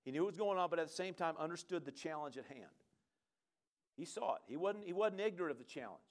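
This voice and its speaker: A man preaching a sermon in an animated, conversational way, often breaking off with quick asides to the listeners. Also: on the high side.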